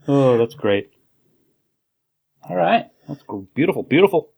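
A man's voice: on the high side, very animated, slow pace, gravelly, darkish tone, slightly rough. A man co-hosting a podcast in casual, joking banter, laughing often. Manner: joking, laughs often, playful silly voices. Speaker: podcast co-host.

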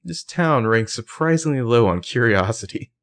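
A man's voice: medium pitch, expressive, moderate pace, pitched above the performer's own voice, lightly acted. A man voicing a stern female police lieutenant in a casual podcast role-play reading, questioning dryly and pointedly.

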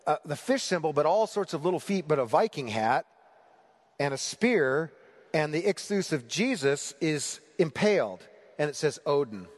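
Male pastor, higher-pitched, very lively delivery, sermon with long hall reverb. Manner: animated, rhetorical questions to the congregation.

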